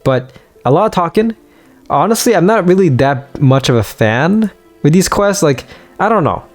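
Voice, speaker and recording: A man giving casual let's-play commentary in a strained, hoarse voice as he starts to lose it, rambling with lots of fillers and restarts. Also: fairly high pitch, sing-song, moderate pace, soft background music. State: losing his voice, strained. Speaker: gaming video creator.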